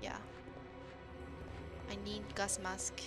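Over loud music, this Japanese-accented woman speaks at a medium pitch, completely flat and very slow. She gives casual gameplay commentary while streaming, responding to chat in simple English and reacting out loud to what appears on screen.

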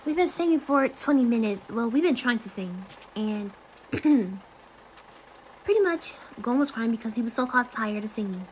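A woman playing a loud, protective young woman friend who gets stressed easily, ranting dramatically and swearing in a fan role-play. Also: a little high, animated, a little slow, a little hiss or hum. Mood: exasperated.

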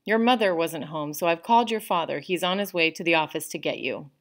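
Woman reading a strict school principal. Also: low voice. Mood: stern. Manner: measured, formal reproach.

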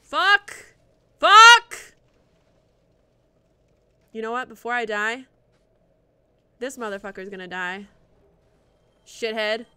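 A woman streamer narrating her own gameplay live, cursing freely and reacting loudly to every setback. Her voice is bright and a little high, and she talks slowly and drawn out between outbursts. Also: fairly even intonation, clean tone, dry recording. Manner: profane, reactive, talks to the game and chat. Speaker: game streamer.

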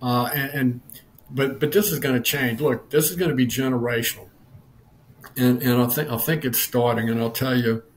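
A man's voice: mid-range voice, slight background noise. Folksy man telling a story on a podcast. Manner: folksy, repeats words, lots of "you know". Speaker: guest, lawyer assistance program director. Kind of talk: casual podcast conversation, storytelling.

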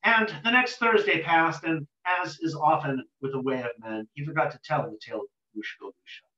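A male storyteller telling an old folk tale in an unhurried, rhythmic way, with a voice slightly higher than most men's. The recording sounds roomy and a bit muffled, with a lo-fi quality. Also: pushed and bright.

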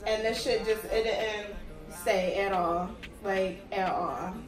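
A woman's voice: medium pitch, steady tone, slow. A young woman giving a casual wig review, blunt and profane, complaining in exasperation. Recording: roomy sound from a distant mic with music behind.

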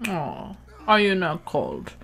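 A woman talks through a video game at an unhurried pace, her voice slipping into a gravelly fry. She chats and giggles to herself, and her pitch jumps up and down a lot. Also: huge pitch swings, fairly bright tone. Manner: chatty, giggly asides to herself. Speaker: let's play gamer. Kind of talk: casual gameplay commentary.

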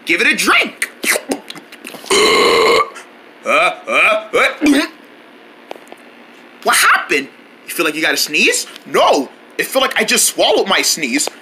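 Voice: mid-range voice, wildly swooping pitch, slow pace, long pauses, a little hiss or hum. Wildly swooping homemade cartoon voice. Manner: jumps between many character voices with frequent shouted exclamations and sneezes. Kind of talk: homemade cartoon voice acting with promo announcements.

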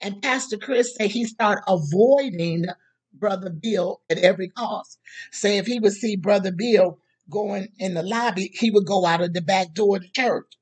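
A woman preacher tells a long story in her sermon and keeps calling out to the congregation. Her voice is husky and mid-pitched. She tells the story with animated energy. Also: normal speed.

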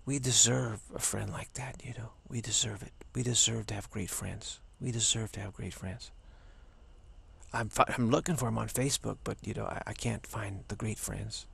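A man hosting a casual spiritual talk video, rambling playfully with hushed asides. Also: on the low side, fairly even intonation, normal speed, vocal fry, husky.

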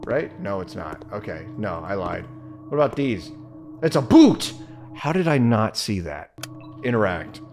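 A man's voice: on the low side, a little slow, faint music behind. A man hosting a let's-play video, giving joking, sarcastic commentary as he plays. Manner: animated, joking, sarcastic asides. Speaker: gaming video host.

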